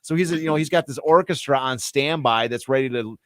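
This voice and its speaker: A man's voice: medium pitch, a little fast, no echo, clean studio sound. Rambling man reading sports history aloud. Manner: rambling, hesitant, lots of fillers. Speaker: podcast co-host. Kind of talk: casual chat, reading from a book.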